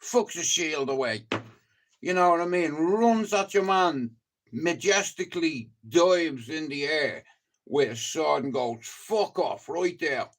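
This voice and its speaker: A man's voice: on the high side, a little slow. A man with a Dublin accent, rambling and swearing through a casual live-stream chat. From Ireland. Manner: rambling and heavily profane, chatty storytelling.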